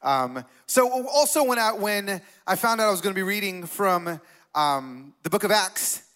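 A man in his forties preaching as a guest speaker in a church, talking casually with self-deprecating humor and animated retelling. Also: high-pitched. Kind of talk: sermon. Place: church sanctuary.

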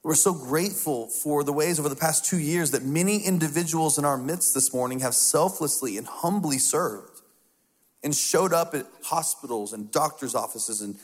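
A man preaching a sermon as pastor, talking in a conversational, storytelling way with hushed asides. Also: medium pitch. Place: church sanctuary. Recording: long reverb of a large hall.

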